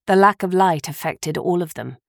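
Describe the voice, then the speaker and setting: A woman narrating an audiobook in a steady, measured reading. Her voice sits low and has a gravelly texture. The sound is close and dry. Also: dry recording. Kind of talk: scripted narration.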